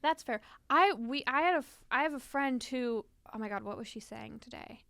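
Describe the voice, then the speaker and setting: A woman's voice: fairly high pitch, normal speed, gravelly, fairly bright tone, no echo. A young woman, a theater student from the West Coast, chatting in a bubbly, casual way on a podcast. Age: young adult. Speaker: guest, acting student.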